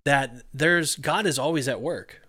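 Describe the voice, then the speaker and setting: A man's voice: medium pitch, measured pace, pushed and bright, dry recording, clean studio sound. A man, a pastor who co-hosts a Christian podcast, talking earnestly and reflectively about faith in casual chat.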